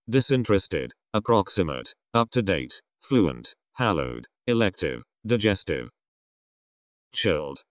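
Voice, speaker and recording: Man, very low voice, wide lively intonation, word-list reading, words read singly, falling at group ends. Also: no room sound, clean studio sound. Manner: reads isolated words one by one, dropping in pitch at each group's end. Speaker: vocabulary list reader.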